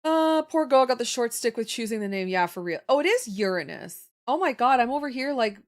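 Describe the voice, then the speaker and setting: A young adult woman, chatting casually with her live viewers. She talks in an animated way, laughs often and answers viewer comments as they come in. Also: fairly high pitch, brisk. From Canada. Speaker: livestreamer.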